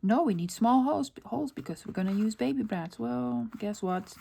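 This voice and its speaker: A woman's voice: on the high side, lively intonation, normal speed, gravelly, mellow, a little hiss or hum. A middle-aged woman hosting a crafting video, chatting casually, talking to herself as she works and laughing often. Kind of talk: casual crafting tutorial chat.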